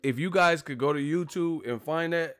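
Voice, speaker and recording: A man hosting a video, ranting in a profane, animated, joking way. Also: on the high side, moderate pace, no room sound. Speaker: video host. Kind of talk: casual comedic rant.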